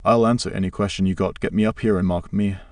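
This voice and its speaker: A man's voice: sits low, fairly even intonation, darkish tone, no echo, distant mic. A man reading the lines of a flustered, defiant young woman witness in an audiobook. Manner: defensive, halting answers.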